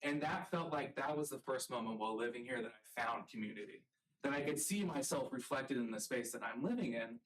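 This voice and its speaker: A man from the rural American South giving a public lecture as a college art professor, earnest and halting, with frequent ums. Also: medium pitch, distant mic, poor audio.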